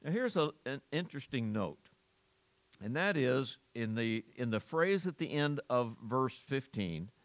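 A man's voice: medium pitch, big pitch swings, unhurried. A male pastor preaching an earnest sermon, asking the congregation rhetorical questions and often restarting his phrases.

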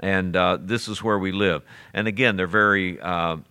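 A man's voice: deep voice, steady tone, normal speed, bright, forceful tone, clean tone. A male pastor teaching his church in a conversational sermon, with frequent fillers and restarts.

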